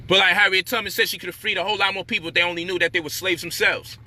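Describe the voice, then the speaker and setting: A man's voice: high voice, fairly even intonation, racing, bright, forceful tone. A man delivering a frustrated, profane, lecturing rant. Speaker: commentator. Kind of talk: heated monologue rant.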